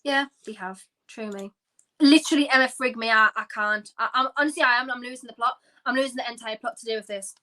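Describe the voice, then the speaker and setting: High, bright-voiced exasperated woman. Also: fast talker. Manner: exasperated, ranting, frequent sighs. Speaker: football watchalong host. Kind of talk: live reaction commentary.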